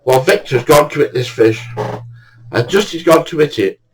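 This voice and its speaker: A man's voice: a little high, lively intonation, normal speed, rough recording. An older man casually telling a funny true anecdote, chatty and swearing now and then, acting out the dialogue. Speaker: storyteller.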